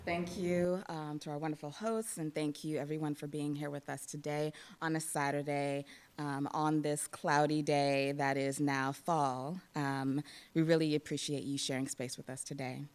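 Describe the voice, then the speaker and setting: A woman executive director giving an earnest, deliberate prepared speech. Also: deep voice, flat delivery, clear, resonant tone.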